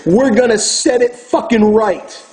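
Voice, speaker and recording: Furious, profane man with a high voice. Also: unhurried, a little mellow, soft background music, rough recording. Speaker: occult video host. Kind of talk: angry ranting monologue.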